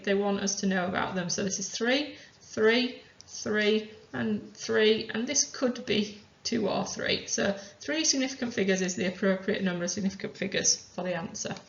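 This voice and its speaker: A woman chemistry teacher calmly talking through worked examples step by step. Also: mid-range voice. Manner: methodical, talks through each step aloud. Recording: roomy, dull lo-fi sound.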